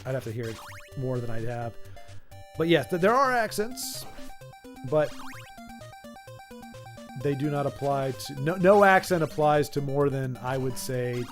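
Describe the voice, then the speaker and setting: A man's voice: medium pitch, lively intonation, a little slow, long pauses, faint music behind. Stammering man in his forties streaming a game. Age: 40s. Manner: stammering restarts, reads viewer chat aloud. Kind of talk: casual live-stream chat while playing.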